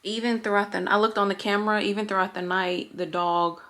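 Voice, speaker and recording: A woman's voice: mid-range voice, steady tone, fairly quick, a bit bright. A young woman, chatting casually in a home vlog, rambling and correcting herself as she goes. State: slightly out of breath. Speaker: vlogger. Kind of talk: casual chat.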